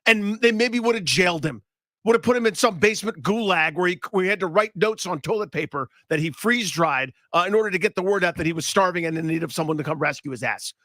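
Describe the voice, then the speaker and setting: Animated ranting sports radio man. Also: sits high, fast talker, no room sound, studio quality. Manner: ranting, animated, mock-dramatic. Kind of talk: heated sports talk.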